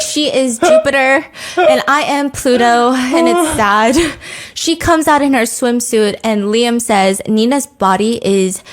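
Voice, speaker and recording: A woman hosting a podcast, recapping a show in a casual, jokey way and acting out its quotes. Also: on the high side. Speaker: podcast host. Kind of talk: casual comedic recap chat.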